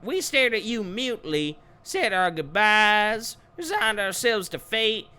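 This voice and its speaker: A solemn, adoring ancient spirit woman, as a male streamer voices her, reciting praise in a raised, lilting voice. The delivery is slow and bright. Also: high-pitched, big pitch swings, smooth, pitched above the performer's own voice, exaggerated voice. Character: reverent ancient female spirit from the swamp.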